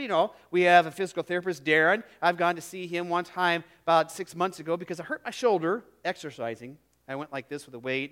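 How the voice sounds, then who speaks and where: A middle-aged man preaching a sermon as pastor, earnest and emphatic, dropping to a hush on key phrases and repeating words as he goes. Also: high voice, smooth.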